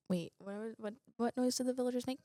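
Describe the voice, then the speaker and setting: A teenage girl, a chat show guest, talking loudly and playfully and laughing often. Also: a little high, no echo, clean studio sound. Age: teens. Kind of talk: casual chat.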